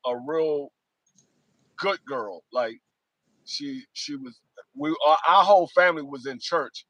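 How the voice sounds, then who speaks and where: A man telling stories in a casual podcast chat, animated, raising his voice for quoted lines. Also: a little high, dry recording, poor audio. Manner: animated storyteller, voices quotes loudly, laughs. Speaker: podcast co-host.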